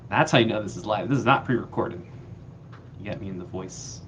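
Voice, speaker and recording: This stream host, a man working remotely off camera, jokes around and makes fun of himself at a fairly quick clip. His voice sits on the low side with a slight brightness, captured on dull lo-fi audio where background noise comes through clearly.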